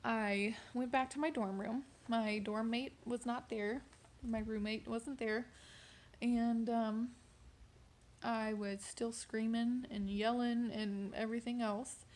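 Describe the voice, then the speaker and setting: A young woman sharing a personal testimony in a vlog, in a fairly high voice. She talks in a candid, casual way and leans on conversational fillers. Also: fairly even intonation, takes it slowly, darkish tone. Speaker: vlogger sharing a personal faith story.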